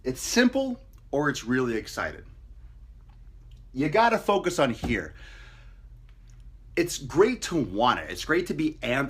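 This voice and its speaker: A man's voice: mid-range voice, breathy edge. A man talking casually to camera as a fitness coach, blunt and profane, mocking people with put-on voices. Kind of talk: casual motivational talk to camera.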